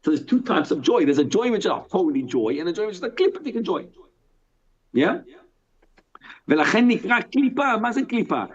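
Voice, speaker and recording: A man, a rabbi, teaching a live Torah class in an animated way, asking and answering his own questions and reading Hebrew text aloud. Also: high-pitched, fast talker, long pauses. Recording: dull lo-fi sound.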